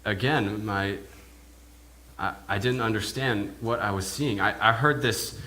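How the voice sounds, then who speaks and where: In a church, a male minister preaches in character as an awed village pig herder, recounting his story in the first person. His lowish voice is unhurried with a sharp tone, and his words come hesitantly, often repeated.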